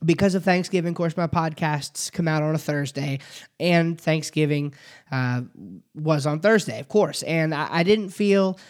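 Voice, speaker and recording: A man's voice: on the high side, moderate pace. A man hosting a podcast lesson, talking it through with many fillers and restarts. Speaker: podcast host.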